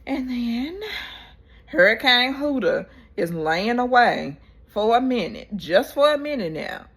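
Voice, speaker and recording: A woman vlogger recapping a reality show episode in casual, animated storytelling, acting out what people said. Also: a little high, slow pace, husky. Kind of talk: casual chat.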